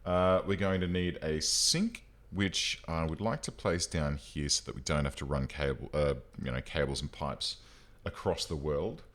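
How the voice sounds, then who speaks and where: A man streaming a game live, thinking aloud in an excitable way and swearing casually. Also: a bass voice, moderate pace. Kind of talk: gameplay commentary.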